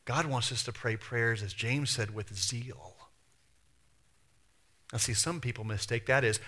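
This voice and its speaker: Bright-voiced man preaching conversationally. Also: mid-range voice, normal speed. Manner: conversational preaching full of rhetorical questions, acts out quotes. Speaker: pastor. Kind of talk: sermon.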